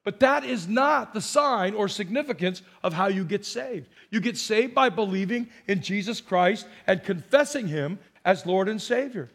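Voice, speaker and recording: A middle-aged man with a high voice preaches from the pulpit. He asks the congregation questions and has them repeat words back to him. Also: normal speed. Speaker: pastor. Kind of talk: sermon.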